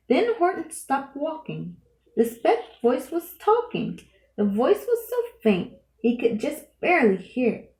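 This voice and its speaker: A woman reading a rhyming children's book aloud in a lively, sing-song way. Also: sits high, unhurried. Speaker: storyteller. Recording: roomy echo.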